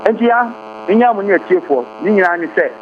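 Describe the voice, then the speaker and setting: A man's voice: high voice, animated, normal speed. A Ghanaian man speaking as a guest commentator, impassioned and firing off rhetorical questions. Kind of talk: heated interview talk. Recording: tinny phone-like line, faint hum.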